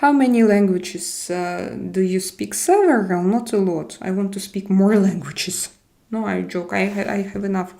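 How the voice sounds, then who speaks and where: A woman's voice: medium pitch, steady tone, measured pace, vocal fry, warm tone. Woman with a Russian accent chatting to viewers. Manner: chatty, answers viewers' comments, switches between languages. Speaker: live-stream host reading chat. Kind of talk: casual live-stream chat.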